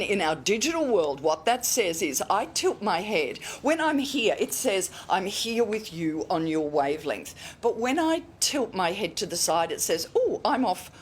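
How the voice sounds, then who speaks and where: A woman's voice: mid-range voice, sing-song, moderate pace, few pauses, slight background noise. An Australian woman from Queensland, a communication expert, explaining emphatically on a morning TV show, swooping her voice to demonstrate points.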